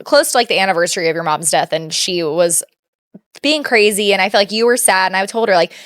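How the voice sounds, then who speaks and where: A woman's voice: medium pitch, quick pace, fairly bright tone, no echo, studio quality. A young woman co-hosting a casual podcast chat, playful and rambling as she muses aloud. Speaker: podcast co-host.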